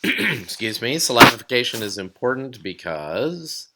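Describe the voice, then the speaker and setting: A man giving a recorded lesson, explaining steps calmly and sounding out words slowly. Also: medium pitch, very noisy. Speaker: teacher.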